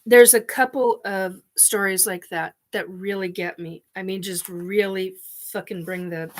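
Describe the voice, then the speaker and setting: A woman vlogger, tearful and speaking slowly, shares something deeply personal with her camera from home. Her slightly bright voice keeps breaking off and starting again, broken up by sniffs and apologies.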